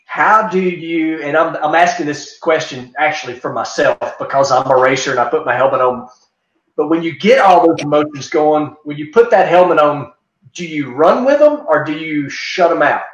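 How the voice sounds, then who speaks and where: A man's voice: on the high side, moderate pace. Easygoing male host in an echoey room. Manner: easygoing, rambling. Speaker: show host, racer. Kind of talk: casual interview chat. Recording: dull echoey room sound.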